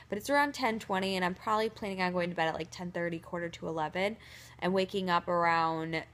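Excitable young woman vlogging at home, bright voice, says "like" a lot. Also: mid-range voice. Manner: chatty and excitable, many "like" fillers. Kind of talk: casual talk to camera. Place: at home, indoors.

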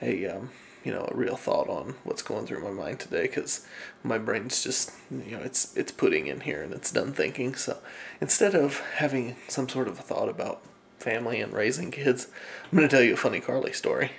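A man's voice: medium pitch, animated, normal speed, vocal fry, slight background noise. A tired man talking casually to his camera for a family vlog, rambling and chuckling as he goes. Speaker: family vlogger.

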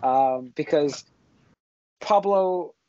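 Higher-voiced man hosting a casual chat. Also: extremely slow, warm tone. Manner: rambling, stumbles over names. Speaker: podcast host. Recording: slightly dull lo-fi audio.

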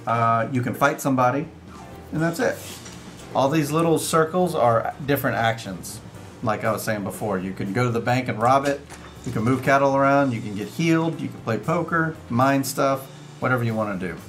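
A man's voice: mid-range voice, moderate pace, fairly bright tone. Chatty man explaining game rules over music. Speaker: board game streamer. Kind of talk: casual live-stream rules explanation. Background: upbeat background music.

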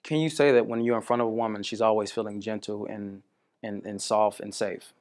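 A man's voice: on the low side, a little fast. A man coaching a student on dating, telling stories and acting out both sides of conversations. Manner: animated storytelling, acts out quoted women.

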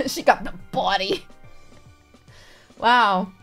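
A woman's voice: mid-range voice, drawn-out words, fairly bright tone, faint music behind. A young woman streaming a visual novel, laughing often and reading lines aloud in a playful, casual way. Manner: giggly, frequent laughter, playful. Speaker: VTuber streamer. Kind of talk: casual game commentary, reading dialogue aloud.

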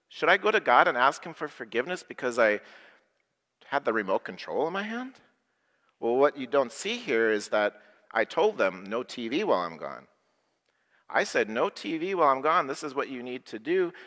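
A middle-aged man preaches in a large hall with a long reverb. He has an average pitch and speaks in a slow, plain way. He leads his listeners through short prayers, and they repeat each phrase after him. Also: a bit bright. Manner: slow, plain, leading call-and-response prayers. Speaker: pastor. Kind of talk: simple sermon for people with special needs. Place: worship hall.

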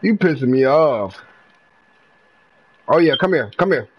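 A young man from North Carolina, giving live gameplay commentary full of profane trash talk and bursts of yelling. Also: on the high side, lively intonation, unhurried, breathy edge, muffled recording. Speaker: gamer streamer.

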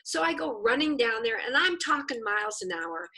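A woman teaching a lesson, telling a story in an animated way and acting out the people in it. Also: high voice, moderate pace, vocal fry. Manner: animated storyteller who acts out the people she quotes. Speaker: Bible and Hebrew teacher. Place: teaching a class with a screen.

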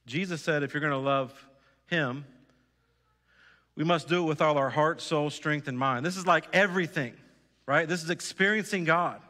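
A man preaches a sermon in a church sanctuary, his voice bright and forceful and set a little high. He speaks earnestly and exhorts his listeners, often asking them direct questions. The sound carries a long reverb from the hall. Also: normal speed. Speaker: pastor.

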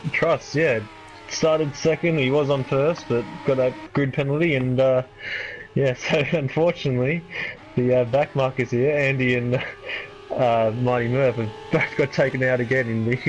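A man giving relaxed, analytical color commentary on a sim race, with some teasing asides. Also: medium pitch, lo-fi sound.

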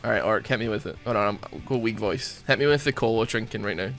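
A man's voice: on the low side, fast talker, vocal fry, fairly bright tone, soft background music. A young man giving casual, jokey gameplay commentary, rambling and poking fun at himself. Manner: rambling, jokey, self-mocking. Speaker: gaming streamer.

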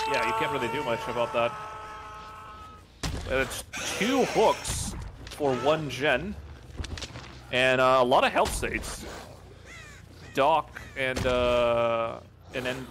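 A man's voice: mid-range voice, a little slow, long pauses. A man co-casting a tournament live, explaining game mechanics and strategy in an analytical way. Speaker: esports co-caster and analyst. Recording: clear background noise on the mic.

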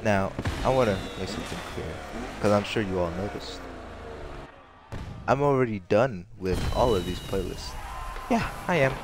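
A man's voice: lowish voice, lively intonation, moderate pace, long pauses, background noise. A young man commenting casually over his racing game, rambling and joking at his own expense. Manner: rambling, self-mocking, laughs often. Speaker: gaming streamer. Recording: game music playing behind.

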